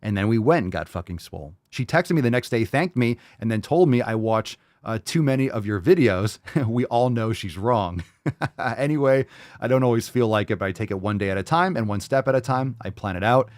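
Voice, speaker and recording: A man's voice: medium pitch, animated, brisk, darkish tone, no room sound, clean studio sound. A man in his thirties hosting a fitness podcast, ranting crudely and profanely and reading out listener emails in a mocking tone. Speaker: podcast host.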